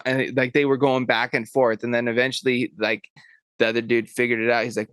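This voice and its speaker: A man's voice: mid-range voice, flat delivery, brisk, a bit bright, smooth, dry recording. Rambling podcast guy telling a story. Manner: rambling storyteller, heavy on "like" and swearing. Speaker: podcast co-host. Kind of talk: casual chat.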